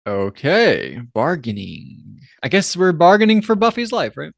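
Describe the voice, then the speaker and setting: A man's voice: a little high, huge pitch swings, vocal fry, no room sound, studio quality. Joking young man co-hosting a podcast. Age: 20s. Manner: joking, swearing, quick banter. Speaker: podcast co-host. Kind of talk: casual chat.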